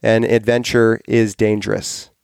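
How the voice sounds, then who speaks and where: A man hosting a relaxed podcast, talking with rambling enthusiasm and frequent self-corrections. His lowish voice carries a gravelly fry but stays smooth and resonant. The sound is dry and close. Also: unhurried, dry recording. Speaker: podcast host. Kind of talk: casual podcast chat.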